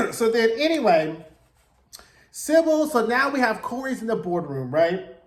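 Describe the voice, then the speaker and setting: A man hosting a casual, chatty TV recap, telling the plot in a gossipy, animated way with slangy asides. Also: very high voice, unhurried. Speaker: TV recap host. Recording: roomy echo.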